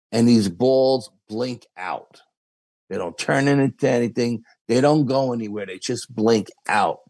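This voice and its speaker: A man's voice: on the low side, creaky, darkish tone, slightly rough, no echo. A man with a New York accent, a podcast guest telling a long story with quoted dialogue. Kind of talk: casual storytelling.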